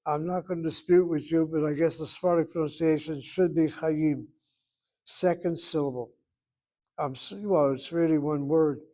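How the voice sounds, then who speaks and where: A man's voice: a little high, fairly even intonation, moderate pace, darkish tone. A man teaching a Hebrew class, emphatic and repetitive, correcting students and thinking aloud over spelling.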